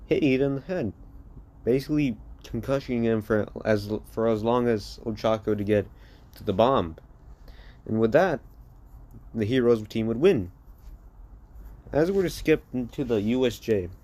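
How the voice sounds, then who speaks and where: A man improvising a fan-fiction story out loud, rambling with many restarts and repeated words. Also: medium pitch.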